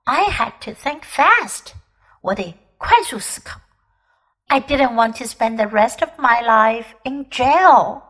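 High-voiced woman teaching English to kids. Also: expressive, slow pace, fairly bright tone, poor audio. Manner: clear, patient, repeats phrases for learners. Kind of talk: bilingual storybook reading and lesson.

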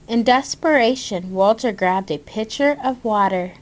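A woman reading a picture book aloud in a gentle way, pointing out the pictures to her listeners. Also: medium pitch, expressive, a little slow, hardly any pauses. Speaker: storyteller.

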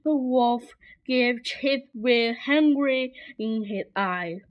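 A woman reading a children's story aloud in a simple, deliberate manner. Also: on the high side. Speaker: story reader. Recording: dull lo-fi recording.

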